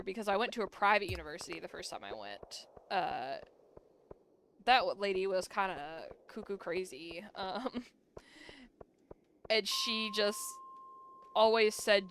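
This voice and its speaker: A woman's voice: mid-range voice, a bit bright, slight background noise. A young woman streaming a farming game, chatting casually and telling stories about college with lots of "like". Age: young adult. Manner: chatty, says "like" a lot, yawns between stories. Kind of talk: casual storytelling while gaming.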